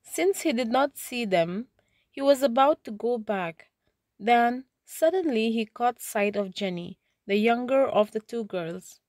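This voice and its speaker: A woman's voice: a little high, darkish tone, dry recording. A woman teacher reading a story aloud, then retelling each passage in simpler words.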